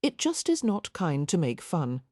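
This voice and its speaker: A woman's voice: on the low side, huge pitch swings, a little slow, warm tone, dry recording, clean studio sound, exaggerated voice. A woman reading an audiobook, voicing a bubbly young lady who gushes playfully. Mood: giddy. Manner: gushing, playful.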